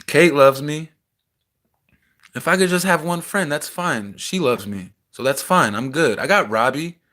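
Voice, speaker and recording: A man's voice: on the high side, lively intonation, measured pace, a bit bright. Agitated young man venting raw feelings. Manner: raw, agitated, swings from heated to subdued. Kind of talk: emotional personal rant to camera. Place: small house, indoors.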